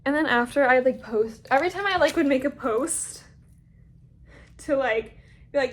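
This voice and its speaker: A young woman telling a storytime vlog in an animated, dramatic way, swearing freely. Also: sits high, normal speed, pauses often, a little hiss or hum. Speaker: vlogger.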